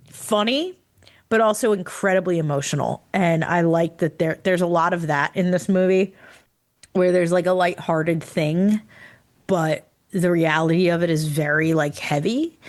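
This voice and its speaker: A tired woman co-hosting a podcast in casual chat, excited and laughing often. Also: on the low side. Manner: excited, laughs often, puts on quick character voices. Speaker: podcast co-host.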